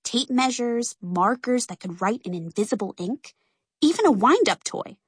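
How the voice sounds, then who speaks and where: A woman reads a children's story aloud with a lively voice that swoops up and down. Her tone is a bit husky. The recording is close and dry, with no room sound. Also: a little high, moderate pace, no echo. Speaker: narrator.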